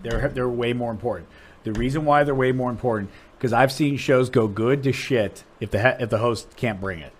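A man's voice: a little fast, a little hiss or hum. A man from Ohio, a comedian, chatting casually on a podcast and telling stories with a lot of restarts and swearing. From Dublin, Ohio, USA. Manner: animated storyteller, voice jumps high and loud when acting out people. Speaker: comedian guest.

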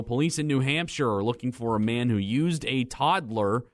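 A man reading the news on a morning radio show in the studio, with brisk, even delivery. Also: mid-range voice, no room sound. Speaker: news reader. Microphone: studio microphone.

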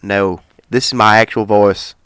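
A man's voice: lowish voice, fairly even intonation, measured pace, a bit bright, clean tone, dry recording. A man co-hosting a podcast, chatting laid-back with swearing, while putting on a joking country accent. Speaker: podcast co-host. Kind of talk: casual chat.

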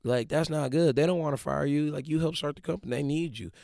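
A man in his twenties giving a casual motivational talk, slangy and animated, acting out quick quoted voices. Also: on the high side, gravelly, no room sound, clean studio sound. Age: 20s.

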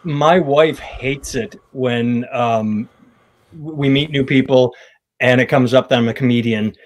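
A man's voice: mid-range voice, a little slow. Rambling, self-correcting male comedian. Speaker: stand-up comedian. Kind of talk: casual podcast chat.

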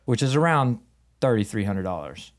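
A man in a relaxed podcast chat spins a story with real animation. He slips into the voices of the people he quotes and swears without a second thought. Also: on the low side, moderate pace. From United States. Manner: animated, acts out quoted dialogue, swears casually. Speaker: podcast guest, Muay Thai fighter. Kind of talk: casual storytelling in conversation.

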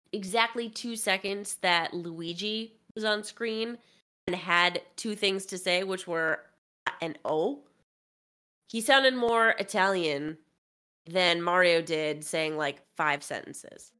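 A woman co-hosting a casual chat, animated and opinionated, with a heavy use of "like". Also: mid-range voice, takes it slowly, clear, resonant tone. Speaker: podcast co-host.

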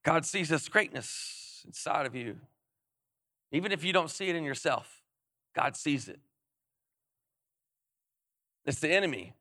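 A young adult male pastor preaching a lively sermon, emphatic, repeating phrases and prompting his audience to respond. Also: mid-range voice, no echo, clean studio sound.

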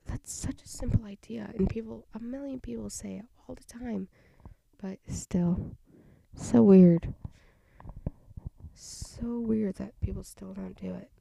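A woman in her twenties with a slight southern twang, hosting a casual solo podcast, rambling softly with many fillers and restarts while her voice is going out. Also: medium pitch, fairly even intonation, slow, a little hiss or hum. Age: 20s. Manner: rambling, lots of fillers and restarts, soft breathy delivery. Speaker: podcast host. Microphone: home microphone.

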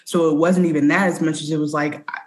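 Lower-voiced woman sharing personal stories. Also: steady tone, quick pace. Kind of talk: casual chat about a TV episode.

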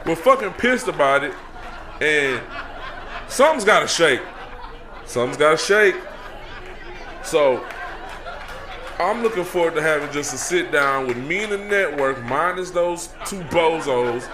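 A man playing a brash, cocky comedic talk-show persona, ranting loudly with profanity and laughing through his lines. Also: on the high side, animated, a little slow, pauses often, crowd noise, noisy background. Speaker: segment host. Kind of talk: comedic in-character rant.

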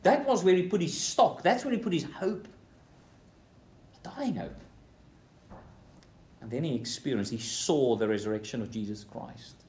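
A man preaching a sermon, swinging between loud emphatic bursts and quiet, low passages, repeating key phrases for emphasis. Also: expressive, fairly quick, few pauses. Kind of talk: expository sermon. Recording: roomy hall echo.

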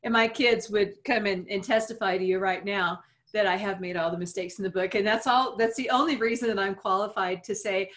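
A woman's voice: mid-range voice, fairly even intonation, fairly quick, few pauses, fairly bright tone. A woman in her forties, a guest in an interview, talking earnestly and reflectively with light laughs. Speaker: guest speaker. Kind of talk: interview conversation.

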